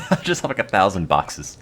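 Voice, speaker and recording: A young man with an East Coast American accent and a very low voice talks on a casual game stream. His delivery is dry and mock-serious as he rambles. Faint keyboard typing sits in the background. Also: big pitch swings, moderate pace, fairly bright tone, a little hiss or hum. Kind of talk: casual gaming stream chat.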